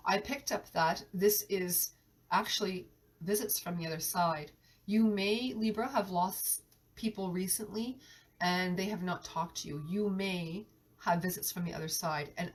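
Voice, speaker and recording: This tarot reader's voice is fairly low and sounds far from the mic. She has a cold and coughs, giving an earnest live reading in which she keeps restarting her sentences and talks about sensing energies.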